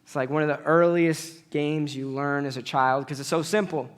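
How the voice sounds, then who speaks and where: A man preaching a sermon in an animated way, acting out conversations with God as he speaks. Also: on the high side, moderate pace, smooth. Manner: animated, acts out dialogues with God.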